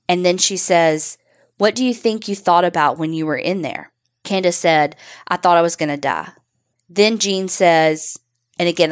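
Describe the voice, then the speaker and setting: A woman with a deep voice co-hosts a podcast, telling a true crime story in a casual, blunt way, reading out quotes and swearing along the way.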